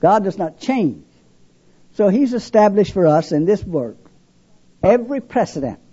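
An older man preaching his testimony dramatically, with a husky voice, alternating loud emphasis and hushed low lines. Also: sing-song, unhurried. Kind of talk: sermon testimony. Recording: dull lo-fi recording.

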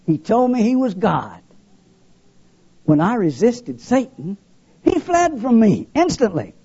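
Husky preacher with a lively, swinging voice. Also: male voice. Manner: dramatic, swinging between loud emphasis and hushed lows. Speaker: preacher giving testimony. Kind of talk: sermon testimony. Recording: dull lo-fi recording.

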